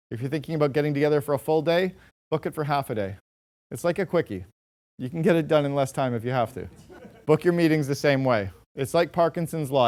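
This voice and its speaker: A man's voice: mid-range voice, a little mellow. A man giving a motivational business talk to a live audience, direct and emphatic, with punchy short lines. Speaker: speaker addressing an audience.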